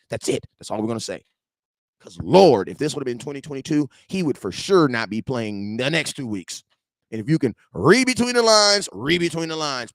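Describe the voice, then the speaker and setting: Animated man about forty. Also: no room sound, clean studio sound. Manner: animated, swinging between loud outbursts and low asides, slangy. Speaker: football fan show host. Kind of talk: casual fan commentary. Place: his garage.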